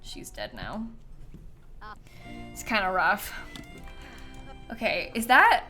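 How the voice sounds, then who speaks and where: A woman's voice: mid-range voice, wildly swooping pitch, very slow, long pauses, bright, forceful tone, faint music behind. A woman livestreaming a game, chatting casually and telling stories with frequent laughter. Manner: chatty storyteller, laughs often. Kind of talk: casual gameplay stream chat.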